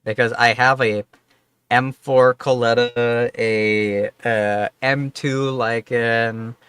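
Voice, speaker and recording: A man's voice: mid-range voice, fairly even intonation, slow pace, a bit bright, clean tone, no echo. A man streaming a game, chatting casually in a rambling, profane, offhand way. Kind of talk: casual livestream chat.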